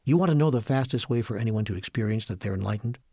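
A man giving an inspirational spiritual talk, earnest and measured, building up emphatic lists. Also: on the low side, dark tone, breathy edge, no room sound, studio quality. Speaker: spiritual speaker.

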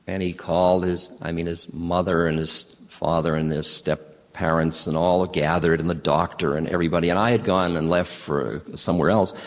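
Man, very deep voice, spiritual talk, unhurried anecdotes, long hall echo. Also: fairly even intonation. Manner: unhurried, anecdotal, halting restarts. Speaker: spiritual teacher.

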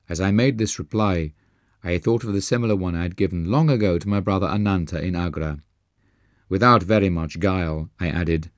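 A man narrating a memoir as an audiobook, with an earnest, measured reading. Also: low voice, dry recording, clean studio sound.

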